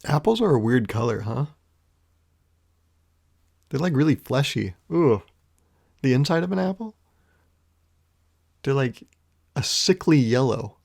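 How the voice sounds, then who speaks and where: Gravelly-voiced man rambling on a podcast. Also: mid-range voice, lively intonation, unhurried, long pauses, a little mellow. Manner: rambling, wry, swears casually with frequent chuckles. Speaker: podcast host. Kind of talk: casual solo podcast monologue.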